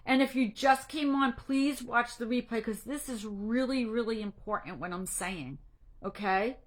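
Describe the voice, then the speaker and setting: A middle-aged anxiety coach with a fairly high voice speaks unhurriedly to her group on a casual livestream. She addresses them directly, earnest and a little preachy, emotional and near tears.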